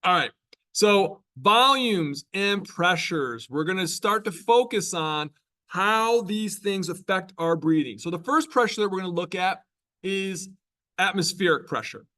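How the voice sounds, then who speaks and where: Chatty lecturing man, slightly high voice. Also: lively intonation, unhurried, bright, forceful tone. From New York. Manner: conversational, chatty, with frequent tag questions. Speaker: college biology lecturer. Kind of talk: classroom lecture. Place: classroom.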